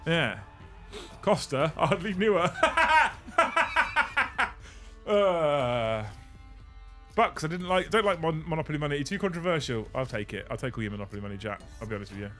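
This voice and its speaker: A man's voice: fairly high pitch, quick pace, a bit bright, soft background music. A young man hosting a live stream, thanking viewers, joking, swearing and laughing often. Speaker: livestream host. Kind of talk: casual live-stream chat.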